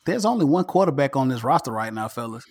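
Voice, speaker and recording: A man hosting a casual sports podcast, animated and ranting, repeating himself. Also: medium pitch, fast talker. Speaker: podcast host.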